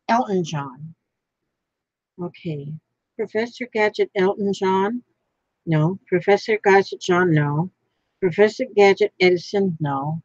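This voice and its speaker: Slow, musing woman crafting at home. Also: mid-range voice, darkish tone, no room sound, lo-fi sound. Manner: rambling, musing over names, chatting to her craft piece. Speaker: crafting vlogger. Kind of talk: casual thinking aloud while crafting.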